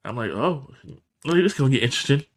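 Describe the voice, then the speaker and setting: This co-host speaks at a quick pace in a mid-range voice, recapping a TV episode informally for his podcast. He acts out the characters' lines with animated, shifting voices.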